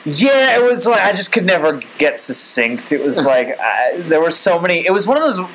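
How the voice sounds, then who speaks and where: A man's voice: on the high side, sing-song, moderate pace, fairly bright tone, slight background noise, low-quality recording. A man co-hosting a casual chat, rambling with many restarts and acted-out quotes. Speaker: co-host.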